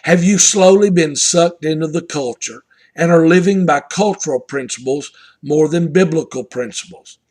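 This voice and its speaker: A man's voice: a little high, moderate pace, a little mellow. An older man with a Southern US accent, telling a family story and drawing a devotional lesson from it in an earnest, homespun way. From Southern United States. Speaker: pastor. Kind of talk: devotional message.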